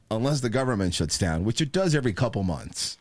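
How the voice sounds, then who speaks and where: A man hosting a podcast, telling a comedic rant full of swearing and quick impressions of the people in his story. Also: medium pitch, loud music behind the voice. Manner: animated, profane, mimics people in his stories. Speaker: podcast host.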